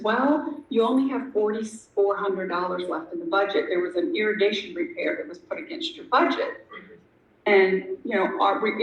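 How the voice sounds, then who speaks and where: A woman's voice: medium pitch, fairly bright tone. A middle-aged woman sharing her story at a recovery meeting, candid and self-deprecating, rambling with lots of fillers. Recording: echoey room with faint noise.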